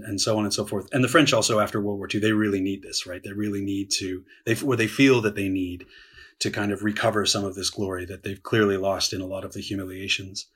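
Male historian guest, husky and low, talks it through with fillers. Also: a bit bright. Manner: explains at length with many restarts and fillers. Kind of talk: conversational podcast discussion.

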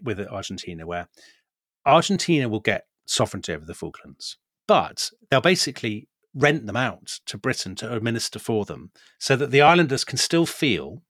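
A man telling a history story in a casual podcast conversation, animated and often laughing as he talks. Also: lowish voice, no room sound, studio quality. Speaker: guest storyteller explaining history.

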